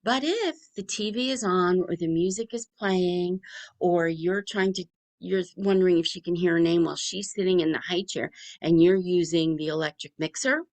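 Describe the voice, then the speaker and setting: A middle-aged woman speaks in a gravelly, fairly low voice. She talks to parents in a chatty, rapid-fire way, as a speech pathologist giving practical advice. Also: a little mellow. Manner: chatty, talks fast with few pauses. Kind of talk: informal presentation to families.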